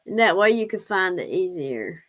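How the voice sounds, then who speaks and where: Speaking at normal speed in a lowish, very animated voice, a livestream host chats casually, laughs often, and affectionately tells off her pets. The recording is rough.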